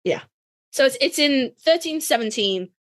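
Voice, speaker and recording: A woman's voice: high voice, animated, normal speed. A woman co-hosting a podcast in casual chat, playfully opinionated and swearing freely. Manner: chatty, profane, playfully opinionated. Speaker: podcast co-host.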